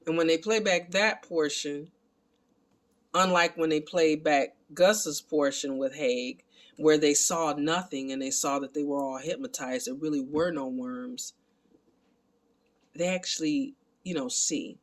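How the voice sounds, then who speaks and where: A man giving a casual, animated recap of a film and talking to his viewers as family. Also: fairly high pitch, a little slow. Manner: animated, excitable retelling. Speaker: film reviewer.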